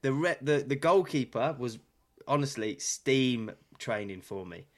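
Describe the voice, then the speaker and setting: Male podcast co-host, animated storyteller who acts out quotes and swears casually, mid-pitched voice. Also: measured pace. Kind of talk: casual chat.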